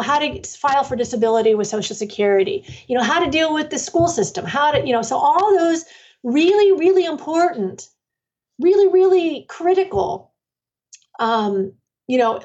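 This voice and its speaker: Recorded far from the mic with dull audio, a middle-aged author and parenting workshop leader shares her story in an interview. She rambles loosely, full of fillers and restarts, and her high-sitting voice has a darkish tone.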